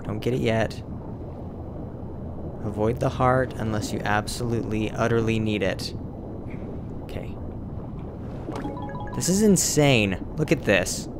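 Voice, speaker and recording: A man's voice: fairly low pitch, a little slow, long pauses, noisy background. A man hosting a let's play, casually commenting on his gameplay and talking to the characters on screen. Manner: chatty, talks to the game and its characters.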